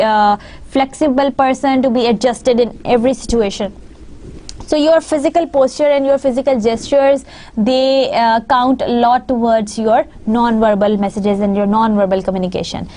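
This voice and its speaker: A woman with a Pakistani English accent gives a recorded university lecture, explaining things patiently and often recapping her points. Her voice sits high and has a darkish tone.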